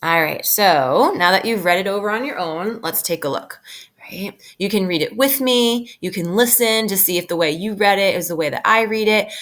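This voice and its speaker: A woman teacher giving a recorded reading lesson to children, patient and slowing down to stress key phrases, often checking in with "right?". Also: medium pitch, fairly bright tone. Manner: patient, with frequent tag "right?". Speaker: elementary school teacher.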